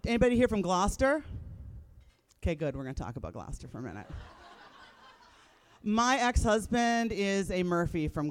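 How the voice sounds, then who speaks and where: A woman in her thirties performing a live stand-up comedy set, blunt and profane, landing wry punchlines. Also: on the low side. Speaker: stand-up comic. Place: live comedy stage before an audience.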